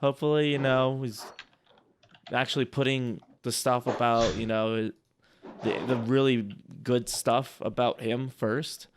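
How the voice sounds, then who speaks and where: A man co-hosting a casual chat, rambling and restarting his sentences, quick to laugh. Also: medium pitch, fairly even intonation, background noise. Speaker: co-host reviewing sales outreach.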